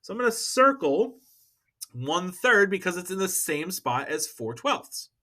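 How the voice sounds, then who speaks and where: A man's voice: sits high, big pitch swings, a little slow, pushed and bright. A man teaching a math lesson, upbeat and chatty, checking in with students as he works through problems. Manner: upbeat, talks to students, checks with "all right?".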